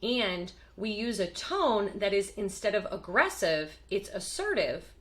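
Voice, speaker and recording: A woman explaining parenting communication in a lively, emphatic teaching talk, acting out short example voices. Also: mid-range voice, measured pace. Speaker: parenting educator.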